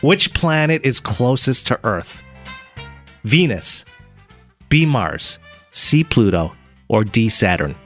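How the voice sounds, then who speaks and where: Male morning radio co-host running a quiz game, lively and teasing, with light music under the studio mic. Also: mid-range voice, takes it slowly, pauses often. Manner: teasing, lively, reads out multiple-choice answers. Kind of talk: playful quiz hosting.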